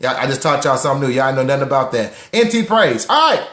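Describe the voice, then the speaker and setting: A young man hosting a live talk room on money, lively and preachy, repeating lines for emphasis and greeting listeners by name. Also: mid-range voice, fast talker, echoey room. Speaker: host of a live social audio room on personal finance.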